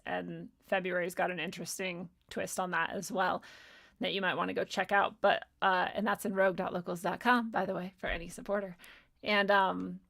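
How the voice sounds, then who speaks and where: Young woman streamer answering chat, swears freely, laughs often, tells stories with gusto; gravelly edge in the voice. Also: on the low side. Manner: profane, laughing, animated storytelling. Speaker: livestream host answering chat. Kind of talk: casual livestream chat.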